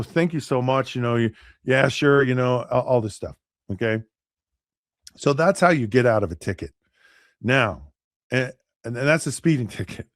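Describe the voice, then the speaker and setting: A man hosting a podcast, telling a story in a casual, animated way, often repeating and restarting words and acting out both sides of a conversation. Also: medium pitch, dry recording, studio quality. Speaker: podcast host.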